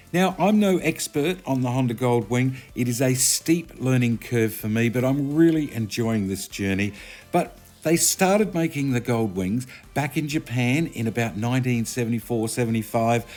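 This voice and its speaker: A man's voice: medium pitch, darkish tone. A man, chatting casually as he narrates a motorcycle review video. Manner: chatty, conversational, self-correcting.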